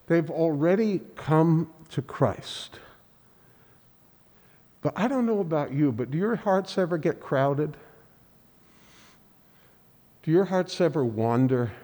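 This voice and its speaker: A man preaching a sermon in earnest, halting speech, often restarting and repeating words. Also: fairly high pitch, a little mellow, long reverb tail. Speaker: pastor. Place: church sanctuary.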